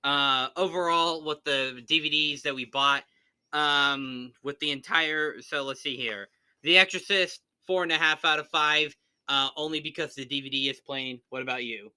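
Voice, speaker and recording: Bright-voiced man ranting on a casual unboxing. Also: on the high side, moderate pace, clean tone, dry recording. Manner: animated, rants on tangents. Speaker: co-host of unboxing channel.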